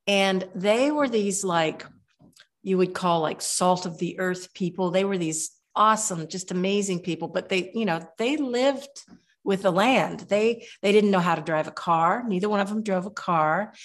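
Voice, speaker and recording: A woman's voice: mid-range voice, moderate pace. Older woman telling rambling stories. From Kentucky. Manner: rambling, warm storyteller with many restarts. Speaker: guest herbalist. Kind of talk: relaxed storytelling interview.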